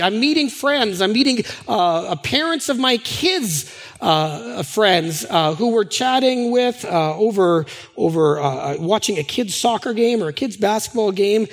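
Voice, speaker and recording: A male pastor giving a sermon in a conversational, animated storytelling manner. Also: high voice, moderate pace, in a large hall.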